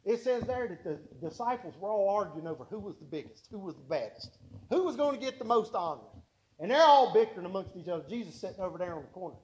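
A high-pitched man preaches a sermon. His tone is mellow and warm, and he tells homespun stories, circling back to repeat key points with emphasis. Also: animated, quick pace, a little hiss or hum, rough recording. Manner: folksy storytelling with emphatic repetition.

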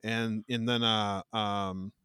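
A man's voice: lowish voice, little pitch movement, slow pace, sharp tone, clear, resonant tone, no room sound, clean studio sound. A man co-hosting a casual horror podcast, rambling with many restarts and casual swearing. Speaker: podcast co-host. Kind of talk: casual chat.

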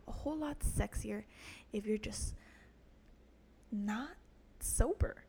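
Young woman doing a solo podcast, raspy fry in her voice, pitched a bit high, swears constantly and cracks herself up. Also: unhurried, long pauses, warm tone, slight background noise. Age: young adult. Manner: crude, self-mocking, swears a lot, laughs at own jokes. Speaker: podcast host. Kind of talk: casual solo podcast monologue.

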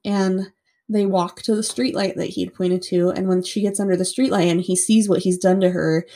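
A woman's voice: medium pitch, warm tone. A woman casually recounting a true-crime story to a co-host, chatty with lots of "like" and free swearing.

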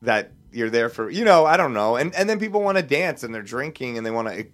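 A man co-hosting a podcast, talking in a relaxed, rambling way with lots of fillers. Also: medium pitch, fast talker. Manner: relaxed, rambling, heavy use of filler words. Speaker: podcast co-host. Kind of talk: casual chat.

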